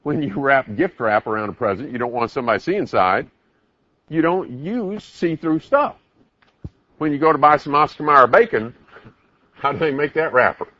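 A man's voice: medium pitch, expressive, normal speed, no echo, muffled recording. A man preaching a sermon, emphatic, asking the congregation many rhetorical questions.

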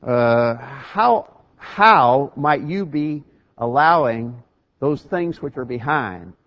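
A man's voice: mid-range voice, animated, takes it slowly. Earnest male preacher, slightly muffled. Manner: earnest, emphatic, with many restarts. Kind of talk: sermon.

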